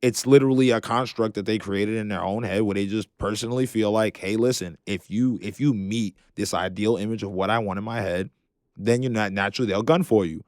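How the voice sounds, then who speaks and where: A man's voice: on the low side, fairly quick, darkish tone, no echo, clean studio sound. A young man co-hosting a casual podcast, explaining his views thoughtfully at length. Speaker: podcast co-host. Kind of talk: casual discussion among friends.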